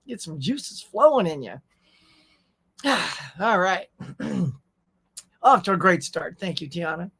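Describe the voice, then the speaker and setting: A man's voice: sits high, animated, takes it slowly, creaky, pauses often, a bit bright, husky. A man hosting a casual morning livestream, chatting easily and reading viewer messages aloud. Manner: chatty, reads chat messages aloud, says y'all. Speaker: host.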